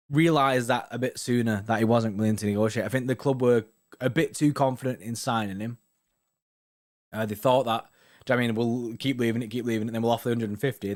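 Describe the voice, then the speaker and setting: Young guy rambling on a live stream, chatty, keeps saying know what i mean. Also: medium pitch. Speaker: host reading viewer comments. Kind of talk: casual live-stream chat.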